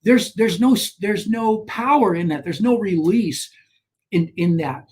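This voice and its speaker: A man, a guest on a talk show, telling a personal story in an animated way, with frequent restarts and rising emphasis. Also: high-pitched, unhurried, husky. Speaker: guest, author on shame.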